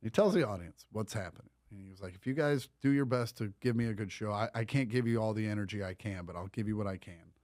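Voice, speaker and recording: A man's voice: fairly low pitch, quick pace, hardly any pauses, darkish tone, no room sound, clean studio sound. A man who is a comedian, a guest telling wry stories in a laid-back casual chat.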